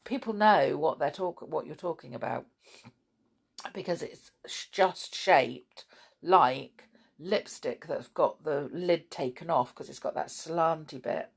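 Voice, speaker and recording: A woman's voice: deep voice, slow pace, gravelly, breathy edge. A woman hosting a children's podcast, chatting playfully to young listeners with lots of exclamations.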